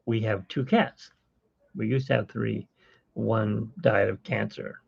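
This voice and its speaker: A man's voice: fairly low pitch, fairly even intonation, takes it slowly, creaky, slightly rough. A man hosting a casual live-stream chat, rambling and self-mocking with corny jokes. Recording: dull lo-fi stream audio.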